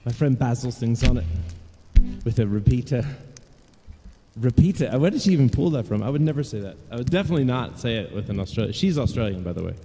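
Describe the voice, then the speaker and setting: A man's voice: mid-range voice, expressive, quick pace, dark tone, long reverb tail. A man chatting casually and rambling to live viewers from his home music studio. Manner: rambling, chatty, self-deprecating.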